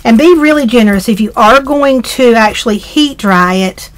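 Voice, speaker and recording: A woman's voice: fairly high pitch, animated, normal speed. A middle-aged woman with a Southern accent, chatting her way through a craft tutorial, rambling with ums and restarts. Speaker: craft demonstrator.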